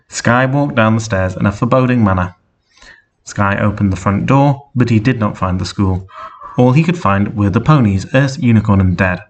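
Deadpan man with a gravelly voice. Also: on the low side, slight background noise. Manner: flat, deadpan narration. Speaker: reader. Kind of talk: deadpan story reading.

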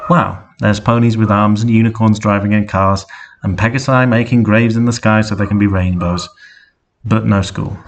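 A man voicing a naive young man who asks flat, wondering questions. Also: lowish voice, normal speed, creaky, slight background noise. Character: naive young man, easily impressed hero.

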